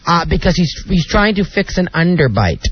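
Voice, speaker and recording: A high, lively man trading gossip on a radio show, his voice bouncing all over the place. He is theatrical and stumbles over words when worked up. The sound is dull and lo-fi. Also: moderate pace, breathy edge, dry recording. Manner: animated, theatrical, stammers when excited.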